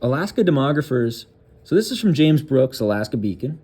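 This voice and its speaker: Husky and mellow, with a mid-range voice that swings widely in pitch, a political commentary host reads a news article aloud. He pauses for crude, sarcastic asides and restarts haltingly.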